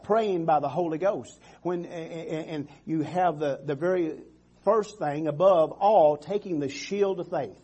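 A man's voice: on the high side, a little slow, mellow, breathy edge, muffled recording. A man preaching a sermon as pastor, calling out "Amen" and "come on" and often restarting his phrases. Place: church sanctuary.

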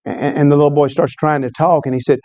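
A man's voice: fairly high pitch, steady tone, fast talker, darkish tone. A man preaching a sermon, telling a story in a conversational way and calling out to the congregation. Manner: storytelling preacher, conversational with call-and-response asides.

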